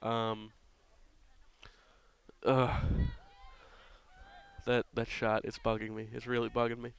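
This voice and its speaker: A man's voice: mid-range voice, completely flat delivery, fast, gravelly, a bit bright, clean tone. A man doing casual, rambling play-by-play for a local baseball game, drifting into offhand jokey asides.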